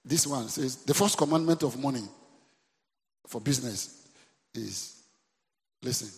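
A Nigerian pastor preaches in church, his medium-pitched voice a little slow and carrying a big-room sound. In call-and-response fashion, he often checks in with the congregation and repeats his points.

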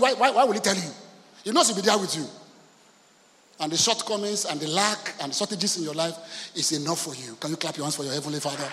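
A man preaching a sermon as pastor, telling stories and acting out the voices in them, swinging from soft, hushed lines to loud shouts. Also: fairly high pitch, fast talker. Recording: long hall reverb.

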